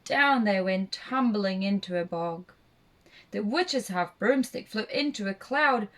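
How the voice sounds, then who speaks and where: Woman narrator for a children's puppet show, slow and expressive rhyming read-aloud. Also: mid-range voice.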